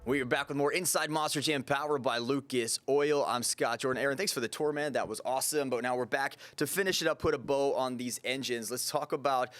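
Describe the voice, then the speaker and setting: A man's voice: mid-range voice, brisk, few pauses, fairly bright tone, soft background music. A man hosting a behind-the-scenes show, enthusiastic and talkative, often repeating words as he goes. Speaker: show host. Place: engine shop, then studio.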